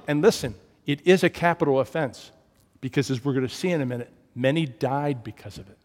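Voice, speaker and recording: A man preaching a sermon as pastor, telling stories and swinging from loud emphasis to hushed, low tones. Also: fairly quick, big-room sound.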